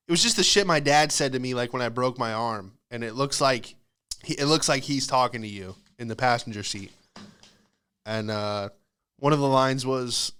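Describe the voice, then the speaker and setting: Young male comedian, podcast host, sarcastic rant, smooth clear voice, mid pitch. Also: a bit bright. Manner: sarcastic ranting, quick asides. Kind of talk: casual comedic monologue.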